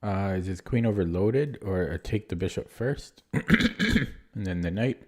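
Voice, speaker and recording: A man streaming chess, thinking aloud in a low-key, muttering way as he works through puzzles and questions his own moves. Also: measured pace, mellow. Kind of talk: casual thinking aloud while solving puzzles.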